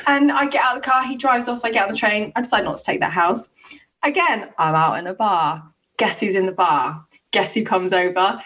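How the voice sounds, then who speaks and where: Animated woman telling stories. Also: mid-range voice, brisk, far from the mic. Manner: animated, swearing, acts out quotes. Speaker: podcast co-host telling stories. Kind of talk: casual storytelling chat.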